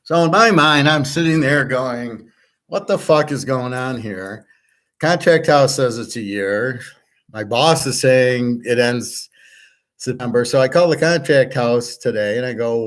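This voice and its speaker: A man's voice: medium pitch, a little slow. A man hosting his own show, ranting casually and with frustration, swearing and acting out the exchanges he quotes. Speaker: sports picks show host. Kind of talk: casual monologue.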